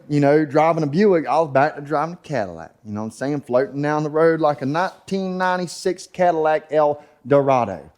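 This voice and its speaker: A man's voice: medium pitch, a little mellow. A man rambling and joking as he explains kart setup in his workshop. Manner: rambling, jokey trash talk. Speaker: kart racer and channel host. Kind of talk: casual joking shop vlog.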